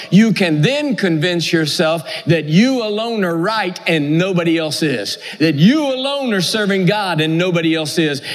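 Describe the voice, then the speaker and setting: A man preaching a sermon with an emphatic, repetitive cadence. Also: high voice. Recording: echoey hall.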